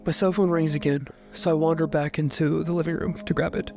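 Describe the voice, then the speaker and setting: Young guy reading a creepy first-person story, slightly high voice, dry and calm, soft music underneath. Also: fairly quick. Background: faint music.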